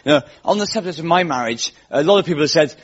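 A man's voice: a little high, lively intonation, quick pace, slightly rough. A man hosting a comedy show, telling dry, self-mocking stories to a live audience. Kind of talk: stand-up monologue before a live audience. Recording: dull lo-fi live recording with crowd laughter and noise. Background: audience laughter.

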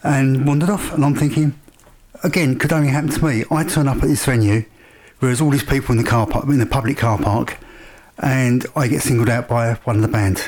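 A man tells a long story in a casual, excited way. He wanders off track and fills the gaps with ums and uhs. His voice sits at an ordinary middle pitch. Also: fairly quick. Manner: chatty, enthusiastic, rambling with fillers. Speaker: vlogger.

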